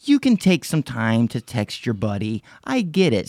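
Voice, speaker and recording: A man's voice: mid-range voice, huge pitch swings, normal speed, gravelly, hardly any pauses, a little mellow, no room sound, clean studio sound. A man casually telling a story on a podcast, rambling and profane, with many restarts and fillers. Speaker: podcast host.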